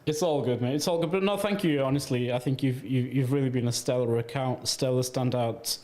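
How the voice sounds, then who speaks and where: A man's voice: medium pitch, brisk, mellow. A man hosting a casual livestream chat, blunt and prone to casual swearing, who speaks in long rambling sentences. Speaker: host.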